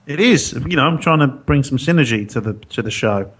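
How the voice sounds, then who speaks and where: Quick-talking joking man. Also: medium pitch, lively intonation, fairly bright tone, husky. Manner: jokey, quick, teasing. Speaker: podcast co-host. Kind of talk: casual banter.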